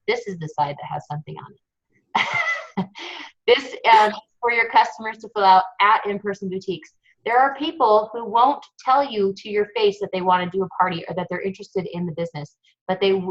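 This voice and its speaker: A woman's voice: medium pitch, brisk, lo-fi sound. A woman hosting a webinar in a casual, chatty, gushing way. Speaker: webinar host.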